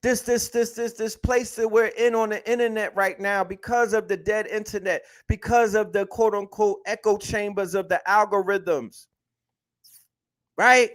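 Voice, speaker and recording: High-voiced emphatic man lecturing. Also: fairly even intonation, a little slow. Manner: emphatic, repetitive, slangy. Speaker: host. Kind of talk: animated lecture-style talk.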